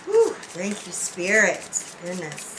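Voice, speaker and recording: A woman's voice: fairly low pitch, wildly swooping pitch, slow, a bit bright, a little hiss or hum, rough recording. A woman giving a spiritual tarot reading, speaking in an earnest, heartfelt way with many restarts. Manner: earnest, heartfelt, often says "you know". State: emotional, near tears. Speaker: tarot reader.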